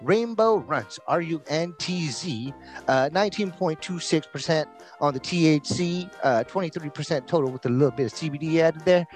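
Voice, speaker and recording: Animated joking man co-hosting. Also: on the high side, moderate pace, soft background music. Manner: crude joking, laughs often, animated. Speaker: podcast co-host. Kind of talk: casual stoner banter.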